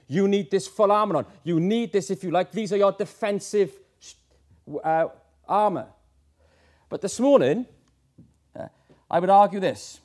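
A man's voice: high voice, a little mellow. A middle-aged man preaching a sermon, earnest, with many fillers and rhetorical questions.

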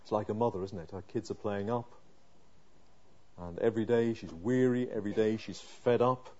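In this lo-fi recording, a preacher reads from scripture and speaks the psalmist's prayers, rising from hushed entreaty to forceful, passionate stress. His voice is on the low side and his speed is normal.

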